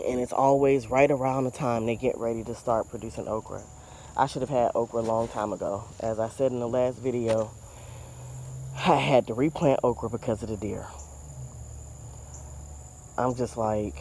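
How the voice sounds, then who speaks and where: A man's voice: mid-range voice, darkish tone. A man talks to his camera outdoors in a garden, sounding fed up and discouraged as he walks around. Insects and faint outdoor ambience hum behind his voice. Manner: frustrated, discouraged venting. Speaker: gardening vlogger. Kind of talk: casual vlog talk.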